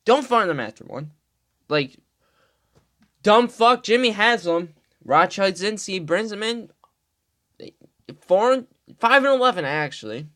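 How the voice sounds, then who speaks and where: Slow-talking man ranting about football. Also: sits high, expressive, fairly bright tone, dry recording, studio quality. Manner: profane, heated, rambling. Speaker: podcast host. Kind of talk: casual football rant.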